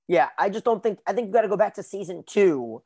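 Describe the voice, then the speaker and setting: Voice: mid-range voice, expressive, fast talker, warm tone, breathy edge. A podcast co-host recapping a TV episode in loose, casual chat, peppered with filler words.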